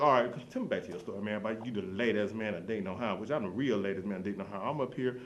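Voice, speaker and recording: A man's voice: fairly low pitch, fast talker, hardly any pauses, a bit bright, highs cut off. A man telling a rambling comic story, piling up run-on tangents and repeated catchphrases. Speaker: comedian.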